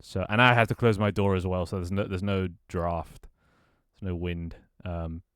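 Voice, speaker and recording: A man on a live stream, grumbling and swearing between easy laughs. His voice sits low and comes through smooth and resonant, recorded dry and close on a desk mic in a small room at home. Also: steady tone, normal speed, fairly bright tone, no room sound. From United Kingdom. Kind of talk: casual live-stream chat.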